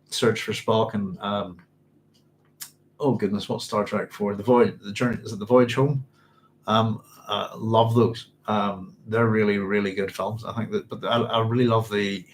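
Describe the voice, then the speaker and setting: A man in the middle of his range chats casually to his live-stream viewers, chuckling as he goes. He rambles and reaches for names as he talks. Faint noise sits under his voice. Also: medium pitch. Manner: rambling and chuckling, often searching for words. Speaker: livestream host reading viewer comments. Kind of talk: casual chat.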